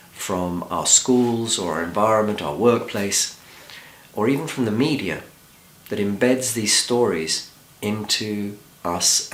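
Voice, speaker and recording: A man who works as a therapist, giving a calm, measured talk that opens with a story. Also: lowish voice. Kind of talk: scripted talk. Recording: roomy echo.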